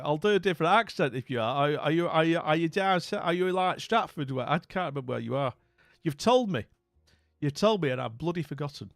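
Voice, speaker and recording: A man's voice: a little high, animated, a little fast, no echo. A British man streaming live, chatting casually with his viewers, rambling and often trailing off into mumbles. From Britain. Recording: dry close recording with faint music.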